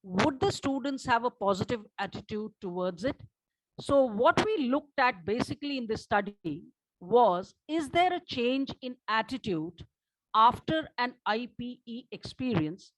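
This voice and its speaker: Woman giving a research talk, kinda high voice, dry sound, calm and measured. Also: no echo, rough recording. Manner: measured, asks for next slide often. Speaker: researcher presenting a study. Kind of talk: conference presentation with slides.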